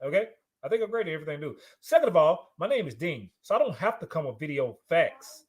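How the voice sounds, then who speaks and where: Lively boastful man in casual debate. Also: a little high, fast talker. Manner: boastful, laughs a lot, curses freely. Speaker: podcast co-host.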